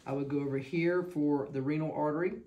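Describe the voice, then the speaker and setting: A woman's voice: low-pitched, steady tone, brisk, mellow, muffled recording. A woman, teaching a physical exam to a class and checking in with her students as she demonstrates. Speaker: clinical instructor.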